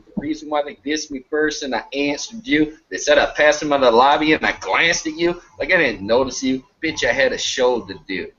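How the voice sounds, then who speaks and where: A man's voice: mid-range voice, brisk, hardly any pauses. Brash profane man ranting on a muffled call. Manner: loud, profane, boastful, swings between shouting and muttering. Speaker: guest on a live online show. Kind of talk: crude ranting chat. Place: online video hangout. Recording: muffled lo-fi online call audio with faint hiss.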